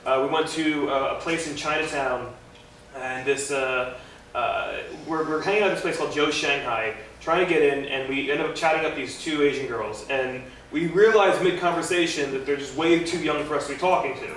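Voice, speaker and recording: Rambling young stand-up comedian in an echoey club. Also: male voice, on the high side, a bit bright. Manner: rambling, self-deprecating, halting with many fillers. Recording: echoey club recorded from far off with noise.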